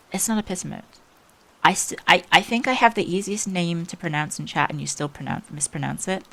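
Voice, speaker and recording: Low-voiced woman chatting on stream. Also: brisk, gravelly, a bit bright. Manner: chatty, greets chat by name, laughs easily. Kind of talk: casual live-stream chat.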